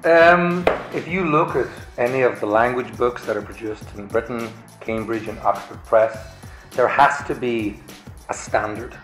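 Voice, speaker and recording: A man with an Irish accent, an English teacher, chatting in a relaxed, easygoing way in an echoey room. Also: mid-range voice, measured pace, faint music behind. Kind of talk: casual chat.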